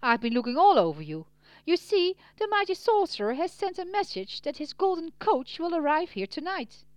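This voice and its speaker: A woman reading a storybook voices a large, sturdy male innkeeper who talks loud and hurried. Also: extremely high pitch, very animated, no echo, pitched above the performer's own voice. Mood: urgent.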